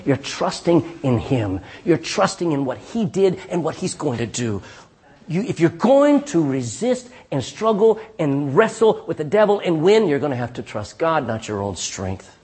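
A middle-aged man preaches a sermon in a fairly high voice that leaps widely in pitch as he tells his stories. His tone is husky throughout. He keeps checking in with the congregation with a questioning "Amen?". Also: normal speed. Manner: calls out "Amen?" to the congregation, lively storytelling with restarts. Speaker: pastor.

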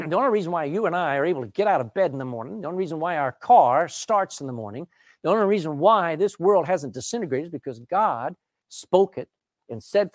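A man preaching a sermon, reading old-style scripture aloud, explaining it emphatically, and often clearing his throat. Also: a little high, no room sound, clean studio sound.

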